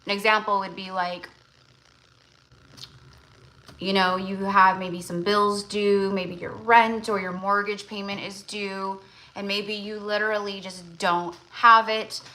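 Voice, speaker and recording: Woman, tarot livestream host, casual rambling chat, bright clear voice, lots of fillers. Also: medium pitch, flat delivery, a little slow, low-quality recording. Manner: rambling, full of fillers and restarts.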